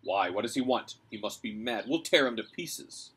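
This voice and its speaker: Storybook read-aloud: man playing a gruff, menacing bear king, husky. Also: lowish voice, animated, normal speed, fairly bright tone. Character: proud, fierce male armored bear king.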